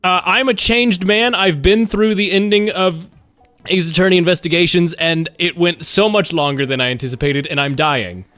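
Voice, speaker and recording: A man's voice: high voice, normal speed, sharp tone, no echo, soft background music. A worn-out man live-streaming a game, rambling casually to chat and swearing often. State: exhausted.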